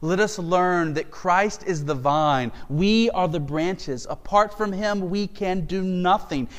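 A man's voice: sits high, animated, a little slow, few pauses, in a large hall. A man preaching an expository sermon as pastor, earnest and emphatic, asking rhetorical questions.

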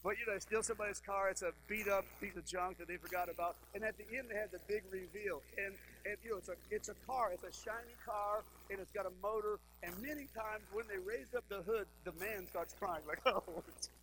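A man's voice: high voice, a little fast, few pauses, fairly bright tone, slight background noise, low-quality recording. A man, a pastor, preaching a sermon in a conversational, joking way and asking the congregation questions.

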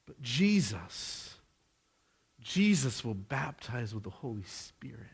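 A man preaching a sermon, slow and deliberate, his voice rising in pitch and force when he presses a point. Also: big pitch swings, vocal fry, breathy edge.

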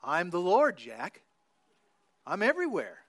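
A man voicing God in a joke, speaking low, calm and measured. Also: dry recording, studio quality, heavily acted. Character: God, calm deep male voice from above.

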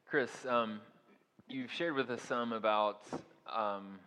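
A man interviewing guests, asking questions deliberately with slight stumbles. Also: mid-range voice, bright, forceful tone, clear, resonant tone. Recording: long hall reverb.

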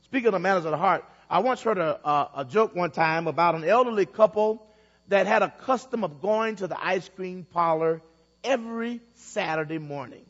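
A high-voiced male pastor preaches in a church, spinning a story and repeating phrases for emphasis. His voice rings through a big hall with a long echo, and the recording has a dull, muffled sound. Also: normal speed, fairly bright tone. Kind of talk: sermon.

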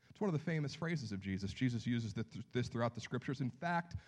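A man preaching a sermon as pastor, telling the story with lively acted-out voices and dropping to hushed near-whispers for emphasis. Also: mid-range voice, fast.

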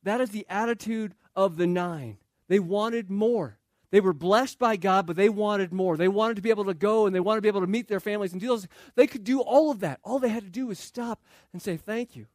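Man, pastor, sermon, conversational, high-pitched, dry sound. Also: brisk, a little mellow, no room sound. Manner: conversational, acts out quoted voices. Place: church.

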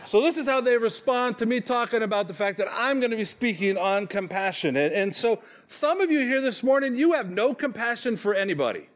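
A pastor in his forties preaches to his congregation with a high voice and an easy, conversational delivery. He pokes fun at himself and keeps checking in with "okay?" as he talks. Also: animated, a little fast, hardly any pauses. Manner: conversational, self-deprecating, frequent "okay?" check-ins. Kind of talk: sermon. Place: church sanctuary.

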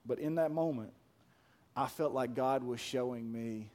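A pastor in his thirties preaching a sermon, emphatic and deliberate, then soft and hushed as he tells a personal story. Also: mid-range voice, a little hiss or hum.

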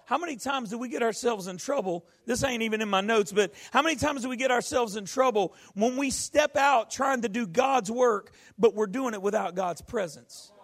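A male pastor preaching a folksy sermon, rising to shouts. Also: extremely high pitch, brisk, hardly any pauses.

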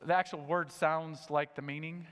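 A man preaching a sermon to a church congregation, animated, swinging between loud emphatic points and low, quiet asides. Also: moderate pace, long reverb tail. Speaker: pastor. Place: church sanctuary.

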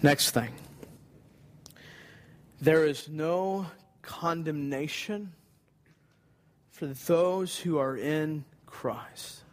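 Male preacher, earnest and emphatic, high voice, long hall echo. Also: extremely slow, long pauses. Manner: earnest, emphatic, repeats key phrases. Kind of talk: sermon.

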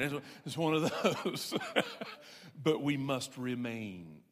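A man's voice: mid-range voice, lively intonation, a little slow, a bit bright. A man preaching a sermon, folksy and self-deprecating, stressing points with repeated emphasis. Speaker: pastor. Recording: long reverb of a large hall.

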